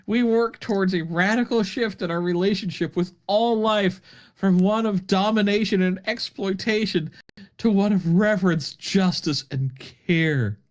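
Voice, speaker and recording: This is a man with a notably high voice, co-hosting a podcast from an online voice call. He reads a text aloud in a mock-earnest, faintly theatrical tone, breaking into laughter often. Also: unhurried. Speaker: podcast co-host. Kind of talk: casual chat, reading a text aloud.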